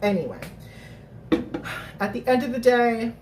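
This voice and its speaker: A woman hosting a live recap stream, chatting casually to her viewers, animated and thinking out loud with lots of restarts. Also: on the high side, a little slow, a little hiss or hum. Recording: roomy, distant mic.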